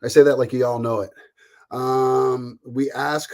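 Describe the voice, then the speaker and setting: A man's voice: medium pitch, little pitch movement, measured pace. A man hosting a casual live stream from home, rambling chattily, greeting viewers by name and laughing often. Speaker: livestream host.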